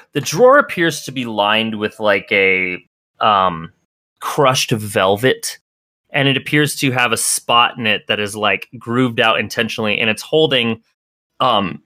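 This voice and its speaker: A man's voice: medium pitch, lively intonation, a little slow, sharp tone, no echo. A man running a tabletop game as game master, narrating casually with lots of fillers.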